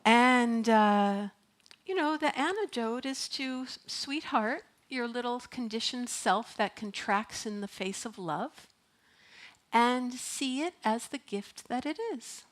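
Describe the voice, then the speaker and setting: A woman's voice: fairly high pitch, slow pace. Chatty, playful woman minister preaching. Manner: conversational, playful, laughs often. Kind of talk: sermon. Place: church sanctuary.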